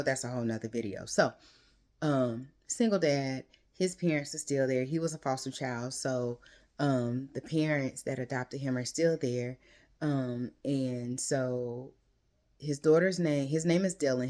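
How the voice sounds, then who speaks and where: Very deep-voiced woman chatting about a book. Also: darkish tone. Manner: rambling, chatty, heavy use of "um" and "like"; retells the story with quoted lines. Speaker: book reviewer. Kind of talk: casual book review chat.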